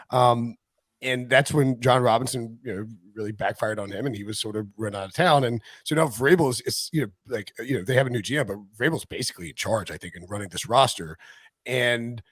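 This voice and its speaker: A man hosting a football podcast, talking in a rambling, animated way with many fillers. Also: medium pitch, no room sound. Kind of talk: casual chat.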